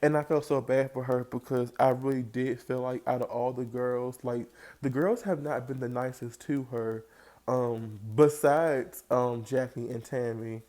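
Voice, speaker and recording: A man giving a casual, animated recap of a reality TV episode, jumping into high voices to act out what the cast said. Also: measured pace. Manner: animated, acts out quoted lines in raised voice. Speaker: reality TV reviewer.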